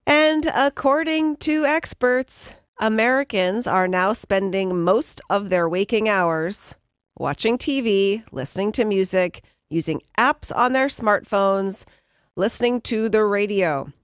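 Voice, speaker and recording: A woman's voice: mid-range voice, expressive, takes it slowly, clean tone, no room sound, studio quality. A woman reading offbeat news stories on a morning radio show in an upbeat way. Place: radio studio. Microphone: studio mic.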